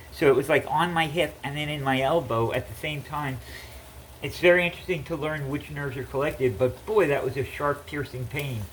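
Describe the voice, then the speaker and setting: A man's voice: a little high, a bit bright, poor audio. Man, chatty home cook, rambling, fillers, faint background hum. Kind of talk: casual cooking chat. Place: home kitchen.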